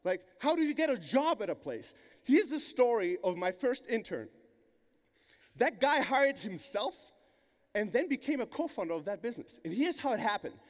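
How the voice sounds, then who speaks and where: A high-voiced man with a German accent tells stories from a conference stage with blunt, swearing energy. His voice rings out through a large hall with a long reverb tail. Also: very animated, normal speed. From Greece. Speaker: conference speaker. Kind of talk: keynote storytelling.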